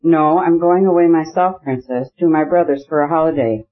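A man doing a reserved, dry gentleman. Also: fairly high pitch, fairly even intonation, normal speed, phone-quality sound, close to an everyday voice.

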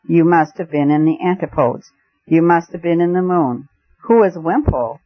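A man reading aloud as an excitable, flustered elderly aristocrat who gushes in raised, exclamatory tones. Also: fairly high pitch, moderate pace, natural voice. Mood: excited. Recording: muffled lo-fi recording.

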